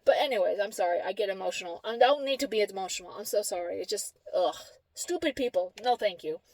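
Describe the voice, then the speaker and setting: A woman's voice: mid-range voice, fast, darkish tone, dry recording. A woman vlogging to camera, telling a story in a blunt, profane, exasperated way. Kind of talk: casual storytelling vlog.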